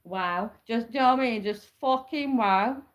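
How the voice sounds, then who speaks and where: A woman talks to camera in a heated, rambling rant. Her voice sits high, and she swears and keeps firing the same questions over and over. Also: moderate pace, dull audio. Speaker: vlogger. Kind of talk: ranting to camera.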